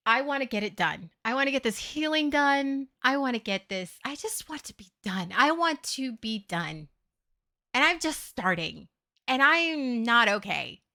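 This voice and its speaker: A woman streamer chatting casually to her audience, candid and often profane as she talks. Her voice sits a little high and swings widely in pitch. The tone is bright and forceful. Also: sing-song, a little slow. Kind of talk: casual livestream chat.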